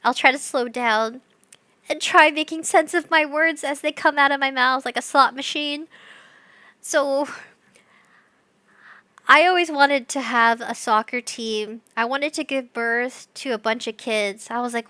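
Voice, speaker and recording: Bubbly, high bright young woman streamer. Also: a little slow, dry recording. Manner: bubbly and scatterbrained, giggly. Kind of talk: casual live-stream chat.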